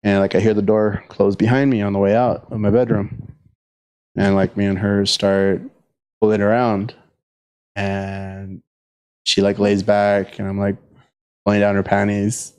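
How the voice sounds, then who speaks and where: A man's voice: on the low side, completely flat delivery, measured pace, long pauses, a little mellow, smooth. A man telling a long profane story in a casual podcast chat.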